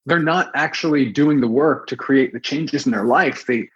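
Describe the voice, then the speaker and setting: A man's voice: mid-range voice, moderate pace, breathy edge, highs cut off. A man in his late thirties, a podcast guest, speaking in an earnest, thoughtful way. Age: 30s. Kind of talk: reflective interview talk.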